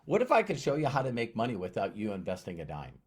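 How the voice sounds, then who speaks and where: A man's voice: fairly low pitch, fast, breathy edge. A man telling a personal story as a motivational speaker, acting out both sides of a conversation. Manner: animated, acts out dialogue. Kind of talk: storytelling talk.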